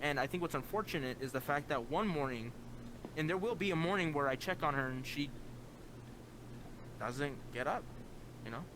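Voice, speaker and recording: A man's voice: on the high side, animated, moderate pace, pauses often. Earnest young man over a noisy line. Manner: earnest, heavy use of "like" fillers, voice jumps up when quoting himself. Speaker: guest. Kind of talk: casual personal storytelling.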